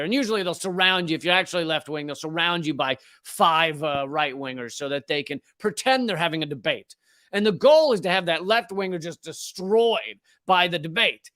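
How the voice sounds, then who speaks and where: Brief: fired-up male comic host from the US South, high-pitched, dry and close. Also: normal speed, bright, forceful tone, no echo. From Southern United States. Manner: fiery, stammering, profane. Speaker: comedian host. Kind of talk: comedic political monologue.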